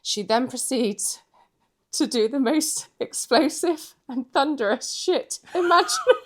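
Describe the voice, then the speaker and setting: A woman co-hosting a podcast, telling stories in a lively, giggly casual chat. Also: sits high, measured pace. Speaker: podcast co-host.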